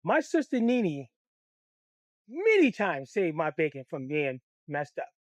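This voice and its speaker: A man's voice: on the high side, wildly swooping pitch, unhurried, no room sound. Blunt, crude male storyteller. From Detroit. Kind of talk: comic storytime.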